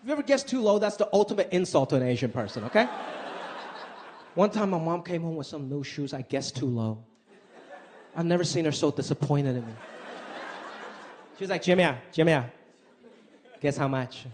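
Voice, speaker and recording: A man doing a stand-up comedy routine, animated and acting out his mother's voice. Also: a little high, a little fast, pauses often. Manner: animated, acts out his mom's voice. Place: comedy stage before a live audience. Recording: live club with crowd and noise.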